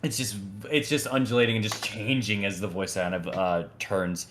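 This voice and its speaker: A man's voice: lowish voice, normal speed, a bit bright, slight background noise. Rambling male game master. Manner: rambling, many fillers. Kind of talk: narrating a tabletop game.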